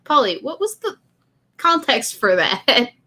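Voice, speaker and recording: A woman's voice: a little high, sing-song, unhurried, bright, forceful tone. A woman hosting a livestream, chatting casually, teasing her guest and laughing often. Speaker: stream host.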